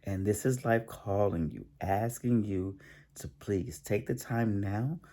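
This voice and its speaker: A man speaks in a low, gravelly voice with a dark, mellow tone. He gives a spiritual healing talk straight to camera, halting often and circling back over his own words. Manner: halting, repeats himself, pauses to yawn. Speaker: self-help channel host.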